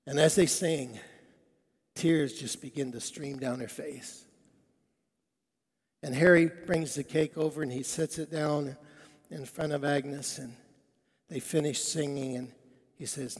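High-voiced preacher telling a story in an echoing hall. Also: male voice, unhurried, long pauses, husky. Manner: animated storyteller quoting characters. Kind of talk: sermon storytelling. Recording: long reverb of a large hall.

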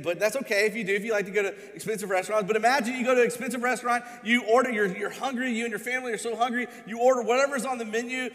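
A man preaching a sermon as pastor, animated, racing through asides and slowing down hard for emphasis. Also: high voice. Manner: animated storytelling, swings from fast asides to slow emphatic lines. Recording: preaching in a reverberant hall.

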